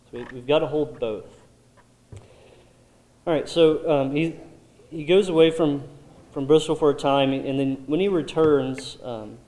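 Male Bible study leader, steady mid voice, echoey room, thinks aloud. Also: medium pitch. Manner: thoughtful, many um fillers and restarts. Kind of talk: leading a group discussion. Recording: roomy echo.

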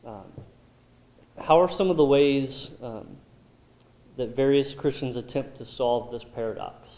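A man's voice: mid-range voice, measured pace, dark tone. A man leading a Bible study group, thoughtful and full of ums and restarts. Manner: thoughtful, many um fillers and restarts. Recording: roomy echo.

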